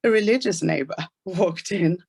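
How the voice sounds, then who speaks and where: A woman's voice: on the low side, vocal fry, darkish tone, slightly rough. A woman with a South African accent giving an earnest, inspirational talk about her own life. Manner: earnest storytelling, fast asides. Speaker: speaker.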